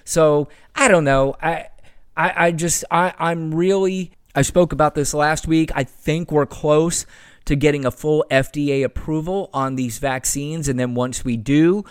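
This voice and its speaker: A man's voice: a little high, steady tone, a little slow, clear, resonant tone, no echo, studio quality. A man hosting a podcast, ranting in a casual, exasperated monologue and swearing freely. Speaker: podcast host.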